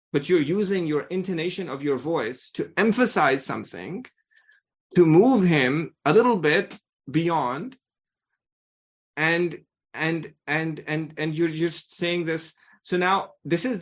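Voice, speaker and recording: A man teaching a lesson on Quranic language, earnest and emphatic, often restarting his sentences. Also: fairly high pitch. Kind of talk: lecture on Quranic rhetoric.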